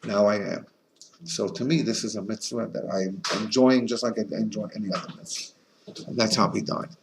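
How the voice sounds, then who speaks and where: A man, a rabbi, giving a Torah class in an animated storytelling manner with frequent restarts. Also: lowish voice, a little fast, noisy background.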